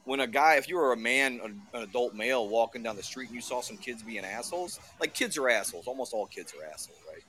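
A man's voice: mid-range voice, animated, fast, few pauses, pushed and bright, slight background noise. A man in casual podcast chat, blunt and swearing freely as he tells stories.

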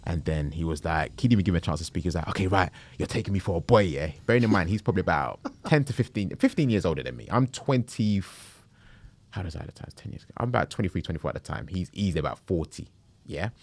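A man, telling a story in a casual interview, animated and slangy. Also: deep voice, very fast. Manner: animated, slangy, acts out quotes. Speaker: travel group founder.

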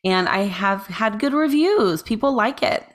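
A woman's voice: medium pitch, expressive, measured pace. Chatty woman podcast co-host. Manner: chatty, playful, self-promoting with restarts. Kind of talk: casual chat.

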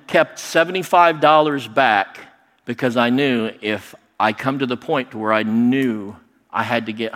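A middle-aged man telling a personal story in a lively, animated way, acting out other people's lines. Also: medium pitch. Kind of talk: personal story told to an audience. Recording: long hall reverb.

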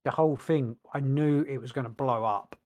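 A man in casual podcast chat who rambles, stalls and restarts as he looks for words. His pitch sits in a middling range, and he speaks. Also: moderate pace, a little mellow. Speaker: podcast co-host.

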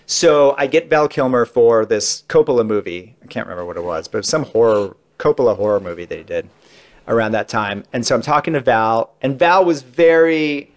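This male podcast guest has a mid-range voice and talks a bit quickly. His casual storytelling wanders through long tales of past interviews, packed with chatty digressions and asides.

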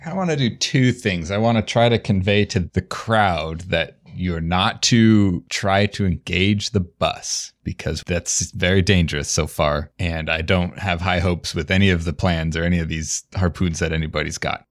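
A man's voice: low voice, moderate pace, few pauses, no room sound, studio quality. A man playing a tabletop role-playing game, eagerly explaining his character's moves. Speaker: player.

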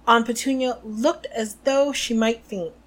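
A woman co-hosting a podcast, narrating a novel aloud in an expressive way and chatting about it. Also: fairly high pitch, measured pace. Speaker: podcast co-host.

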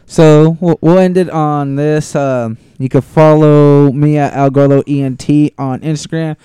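A man's voice: on the high side, steady tone, a little slow, mellow, clear, resonant tone, no echo. A man hosting a podcast, joking around and laughing through his lines. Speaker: podcast host. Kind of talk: casual podcast chat.

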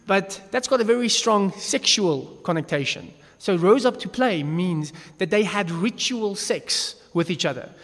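Guy teaching a bible class, kinda high voice, jokey and loose, lots of echo. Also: expressive, a little slow, few pauses, a bit bright. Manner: chatty, joking, with frequent restarts. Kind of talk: casual teaching talk. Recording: long echo of a reverberant hall.

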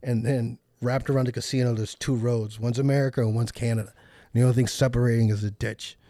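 A man's voice: medium pitch, fast talker, no echo. Comedian guy telling a wild story on a podcast, swears a lot, acts out the other people, dry close mic. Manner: profane, animated, acts out other people's lines. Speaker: comedian guest.

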